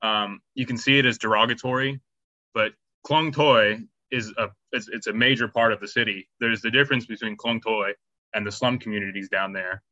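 A man's voice: lowish voice, steady tone, moderate pace, bright, forceful tone, dry recording, highs cut off. A man answering interview questions about volunteer work, hesitant, with many ums and restarts. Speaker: charity volunteer.

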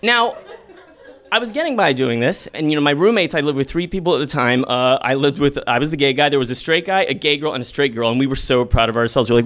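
A young man telling a self-deprecating comic story live, acting out quoted lines with sudden high squeals. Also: fairly bright tone.

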